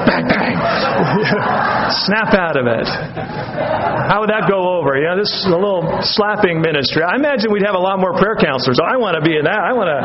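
A man's voice: high-pitched, lo-fi sound, very noisy. A man preaching an expository sermon as pastor, conversational, with wry, sarcastic asides.

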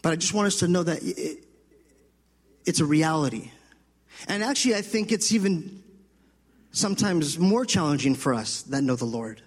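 Male pastor, high husky voice, animated sermon delivery, echoing hall. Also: moderate pace, long pauses. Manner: animated preaching, acts out voices of children and God.

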